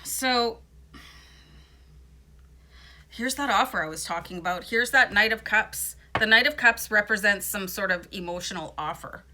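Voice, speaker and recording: A woman's voice: medium pitch, normal speed, pushed and bright, slight background noise. A woman with a morning voice giving a casual, chatty tarot card reading, reassuring and full of fillers. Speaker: tarot reader.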